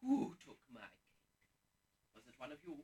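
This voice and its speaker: An actor playing a vain, bossy pantomime dame cook on stage, loudly getting the audience to shout back. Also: male voice, on the high side, huge pitch swings, normal speed. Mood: flustered. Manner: loud, camp, bossy, rouses the audience. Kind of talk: live pantomime stage acting. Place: theatre stage. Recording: distant stage sound from the hall.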